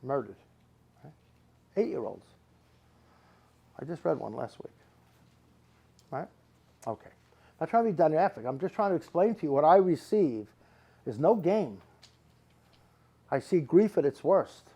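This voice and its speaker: A middle-aged man works a live audience as a psychic medium. His voice sits a little high, and he talks in rambling, emphatic runs, repeating words again and again to drive a point home. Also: big pitch swings, measured pace, vocal fry, pauses often, warm tone, husky, lo-fi sound. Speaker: psychic medium giving readings.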